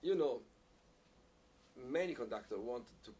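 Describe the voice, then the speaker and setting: A man teaching a piccolo masterclass, speaking haltingly, repeating words and using non-native phrasing, with frequent small laughs. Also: medium pitch, lively intonation, warm tone. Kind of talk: masterclass teaching, answering questions. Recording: distant mic with faint background hiss.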